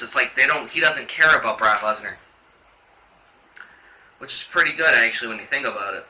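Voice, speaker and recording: A man's voice: medium pitch, pushed and bright. Rambling young man reviewing wrestling. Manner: rambling, halting, many fillers. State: choked up. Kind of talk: casual video review. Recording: echoey room, distant camera mic, faint noise.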